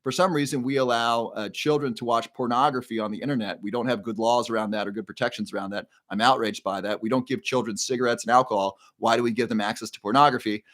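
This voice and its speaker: A man's voice: medium pitch, fairly even intonation, fast, few pauses, a bit bright. A middle-aged man hosting a live stream, ranting with indignation and often repeating words as he builds up steam. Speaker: show host. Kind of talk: impassioned live-stream monologue.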